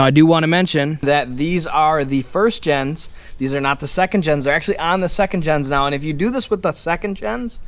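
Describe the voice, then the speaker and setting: A man with a fairly high voice chatting through a DIY truck install, explaining each step as he goes. He is recorded on an action camera mic in a garage, with faint music behind him. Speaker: DIY car vlogger. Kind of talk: casual how-to vlog.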